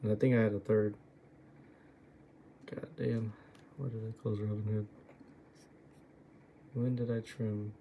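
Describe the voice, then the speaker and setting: A man's voice: fairly low pitch, flat delivery, a little slow, long pauses, warm tone, slight background noise. A man going over his own trades and muttering to himself, exasperated and swearing at his own choices. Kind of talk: muttering self-critical screen review.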